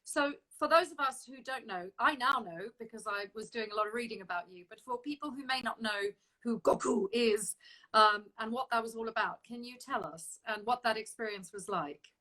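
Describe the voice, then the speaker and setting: High, bright-voiced woman hosting an interview. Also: normal speed, rough recording. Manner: chatty, laughs often, expressive. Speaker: interview host. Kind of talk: casual interview chat.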